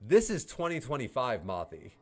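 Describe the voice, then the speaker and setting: A man's voice: mid-range voice, wildly swooping pitch, normal speed. A man from the United States chatting on a livestream, answering chat, ranting heatedly and swearing with laughs in between. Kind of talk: casual livestream chat, reading chat.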